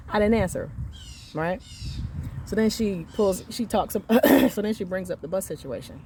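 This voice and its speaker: A woman in her thirties telling an angry story about her son's school, emphatic and reenacting the conversations, swinging between quiet and loud. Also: mid-range voice, expressive, normal speed, a little hiss or hum. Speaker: mother venting on her channel. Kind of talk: heated storytelling rant.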